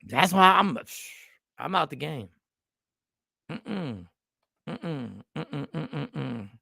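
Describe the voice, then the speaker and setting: A man's voice: a little high, very animated, extremely slow, creaky, pushed and bright, dry recording, clean studio sound. A man hosting a talk show, giving emphatic casual commentary straight to his viewers.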